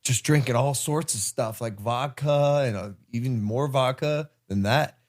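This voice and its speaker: A man telling a story in a relaxed, amused way in a clip played on a podcast. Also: medium pitch, measured pace.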